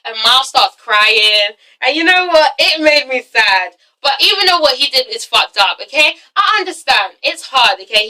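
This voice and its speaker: A young woman vlogger reviews a reality show in a high, very bright, expressive voice, recorded from a distance with poor audio. She talks casually and emphatically at a moderate pace with few pauses, swearing freely, tagging lines with "okay?" and "all right?" and acting out quotes with big pitch jumps.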